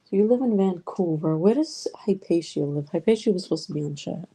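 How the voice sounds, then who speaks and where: A woman's voice: on the low side, lively intonation, brisk, dark tone, husky, rough recording. A woman hosting a loose, rambling livestream chat from her home, talking casually with viewers and swearing freely. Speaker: livestream host. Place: home room with a noisy fish tank.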